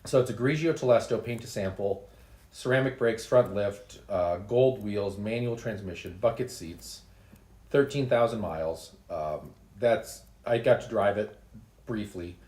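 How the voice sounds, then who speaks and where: A middle-aged man hosting a casual podcast, joking and halting with fillers. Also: fairly low pitch, a little mellow, reverberant. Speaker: podcast host. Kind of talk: casual chat.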